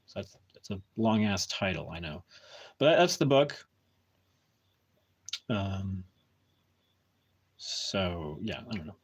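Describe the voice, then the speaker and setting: A man's voice: low voice, big pitch swings, slow, long pauses, breathy edge. A man chatting casually with viewers on a live stream at home, talking hesitantly with many restarts and fillers.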